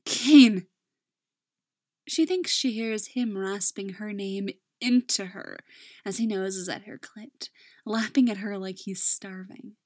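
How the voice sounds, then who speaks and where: A woman narrating a romance story in a soft voice that drops into whispers. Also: medium pitch, fairly even intonation, a little slow, no room sound, studio quality.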